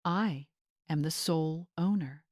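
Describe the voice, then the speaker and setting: A woman voicing a retired homeowner in her seventies who speaks with calm, clipped authority. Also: low voice, unhurried, no echo, studio quality. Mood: commanding. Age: 70s.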